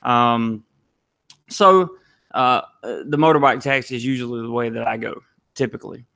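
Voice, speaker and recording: Gravelly Southern man chatting on a live stream. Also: medium pitch, brisk. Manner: relaxed, reads viewer comments aloud and answers them. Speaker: live-stream vlogger reading chat. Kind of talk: casual live-stream chat.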